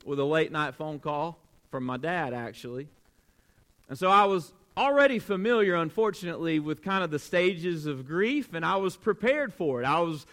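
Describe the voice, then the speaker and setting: Man, pastor, sermon, earnest storytelling, hushed to emphatic, somewhat high voice.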